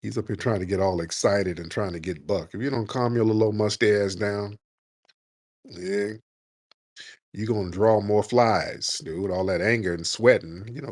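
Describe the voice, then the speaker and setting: A man's voice: lowish voice, dry recording. A man hosting a live call-in chat, mocking and taunting his callers, calling them "sir". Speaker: host.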